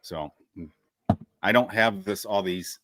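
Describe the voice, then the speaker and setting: A man's voice: low voice, a little slow, fairly bright tone, no echo. A man co-hosting a casual sports podcast, joking wryly and poking fun at himself. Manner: wry, joking, self-deprecating. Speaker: senior editor, co-host.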